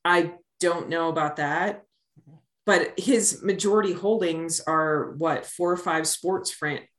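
A woman's voice: lowish voice, fairly even intonation, a bit bright. Blunt woman in an echoey room. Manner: quick, blunt, wry asides. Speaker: podcast co-host. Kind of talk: casual sports chat.

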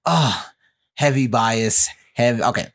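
A man's voice: medium pitch, expressive, measured pace, a bit bright. A young man co-hosting a podcast, joking and swearing freely while chatting about video games. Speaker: podcast co-host. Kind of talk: casual gaming chat.

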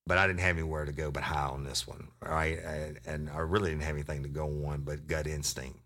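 A man's voice: extremely low pitch, level tone, brisk, pushed and bright. An older man telling a story about his police days, blunt and profane. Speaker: retired sheriff's deputy storyteller. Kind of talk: casual storytelling to an audience.

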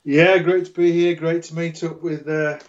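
A man's voice: on the high side, level tone, normal speed. Dry-humored Yorkshire man on a dull line. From Yorkshire, England. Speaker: boxing writer, guest. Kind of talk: remote podcast interview.

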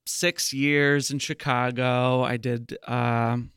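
A man's voice: medium pitch, flat delivery, slow, a bit bright, clean tone, no echo, clean studio sound. A man co-hosting a podcast, chatting casually with jokes and rambling tangents. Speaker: podcast co-host. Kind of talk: casual chat.

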